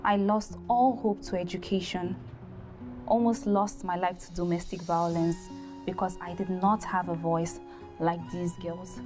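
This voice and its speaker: A woman's voice: on the low side, steady tone, over music, natural voice. A woman playing an earnest charity founder. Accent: Nigerian. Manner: earnest, measured. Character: founder of a girls' charity, interviewed.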